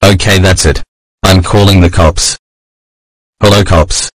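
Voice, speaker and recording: A man plays a bossy, strict cartoon man who barks orders and threats. His voice is very low. The sound is dry and close. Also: steady tone, a little slow, no room sound, poor audio. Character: bossy strict man who keeps signing the horse up for school. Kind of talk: homemade cartoon voice acting.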